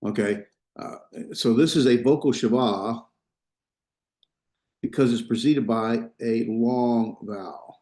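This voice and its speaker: A man teaching a class in a loose, unpolished way, restarting sentences and checking that students follow. His voice is mellow and relaxed, and it echoes around the room. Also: medium pitch, slow. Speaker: Biblical Hebrew teacher. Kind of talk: classroom lecture.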